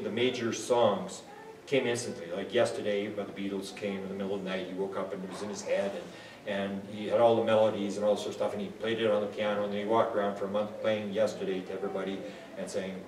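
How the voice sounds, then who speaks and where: A man in his sixties telling a story as an interview guest, excitable, with many restarts and bits of laughter. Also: on the low side, a little hiss or hum. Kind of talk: animated anecdotal storytelling. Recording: roomy and distant, faint ambience.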